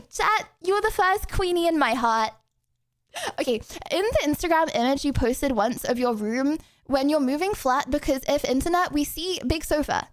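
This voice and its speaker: A woman's voice: high voice, animated, moderate pace. Giggly, rambling young woman streamer. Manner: giggly, rambling, lots of "like" and "bro". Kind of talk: casual chat answering chat questions.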